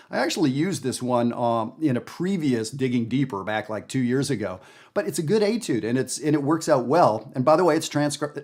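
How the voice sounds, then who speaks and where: Animated male jazz teacher. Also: medium pitch. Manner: animated, emphatic talk with wide swings in loudness. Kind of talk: online music lesson.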